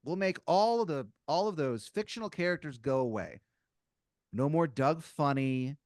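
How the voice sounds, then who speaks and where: A man's voice: on the high side, expressive, moderate pace, darkish tone, dry recording, studio quality, voice pushed up, close to an everyday voice. A man playing an eager, salesy male corporate caller in improvised comedy, with hesitant fillers. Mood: chipper. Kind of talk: improvised comedy role-play.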